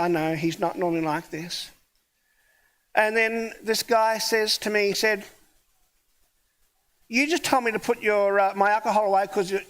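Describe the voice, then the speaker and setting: A man's voice: sits high, fairly bright tone. A man who is a pastor, preaching a sermon in a conversational storytelling way and acting out the dialogue of his story. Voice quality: hard of hearing.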